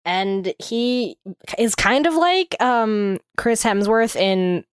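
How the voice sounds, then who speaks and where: A woman's voice: a little high, lively intonation, slow, smooth, no room sound, clean studio sound. A young woman co-hosting a podcast, chatting casually about a book, giggly and full of fillers. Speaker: podcast co-host.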